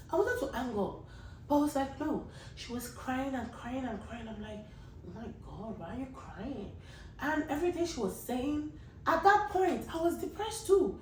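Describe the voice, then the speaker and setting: Woman host, high voice, earnest and rambling with restarts, echoey room. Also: a little mellow, distant mic. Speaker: podcast host. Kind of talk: casual monologue to listeners.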